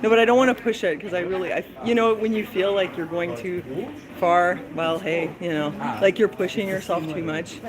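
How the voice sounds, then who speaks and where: A woman's voice: on the low side, fairly even intonation, a little fast, a crowd in the background. Chatty woman vlogging on an uphill walk. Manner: chatty, breathless from climbing, yawning. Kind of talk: walking travel vlog. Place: outdoors in a hilly lakeside town.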